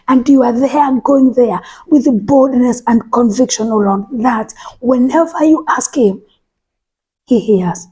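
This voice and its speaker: A woman preaching a sermon, speaking emphatically, repeating phrases and restarting words, and sometimes dropping to a soft whisper. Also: high voice, a little slow, breathy edge.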